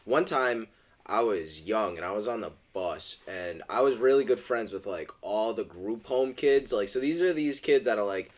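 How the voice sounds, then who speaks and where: A man's voice: lowish voice, lively intonation, moderate pace. A young man co-hosting a podcast, rambling and joking with lots of fillers. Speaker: podcast co-host. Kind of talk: casual chat.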